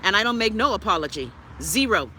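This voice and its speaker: Profane, ranting Bahamian woman, bright voice. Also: medium pitch, very animated, fairly quick, a little hiss or hum. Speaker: live-stream host reading viewer comments. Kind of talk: casual live-stream rant.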